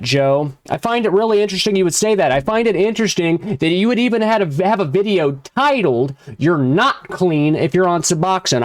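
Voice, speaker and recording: A man with a notably high voice tears into someone in a heated commentary rant. He curses constantly and mixes furious outbursts with sarcastic mockery. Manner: heated, cursing, sarcastic mocking. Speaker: commentary channel host. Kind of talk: angry profane rant.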